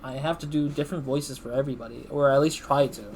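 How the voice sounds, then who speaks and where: A man's voice: medium pitch, steady tone, fast talker, creaky, a little mellow, slight background noise. A man doing let's play commentary, rambling and thinking aloud in a self-deprecating way. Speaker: gamer.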